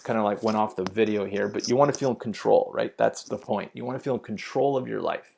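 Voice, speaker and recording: A man's voice: lowish voice, fast, creaky, a little mellow, husky. A man teaching a spiritual lesson to camera in an unscripted style. He repeats key points, often checks in with "okay?", and corrects himself mid-sentence.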